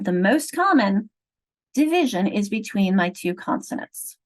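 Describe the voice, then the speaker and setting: A middle-aged woman leading an online teacher training on reading, explaining each step in a clear, patient teacherly way over a video call. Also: medium pitch, rough recording. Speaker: literacy trainer.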